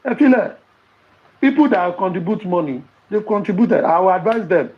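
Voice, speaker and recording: A man's voice: sits high, expressive, moderate pace, dull audio. A man with a Nigerian accent in casual podcast talk, preaching and telling stories with rhetorical questions.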